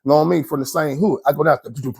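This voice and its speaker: A man from Georgia with an Atlanta accent telling prison stories in a casual, slangy, animated way. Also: fairly high pitch, fast talker, gravelly, breathy edge. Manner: animated, slangy, laughs often between lines. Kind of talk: casual storytelling.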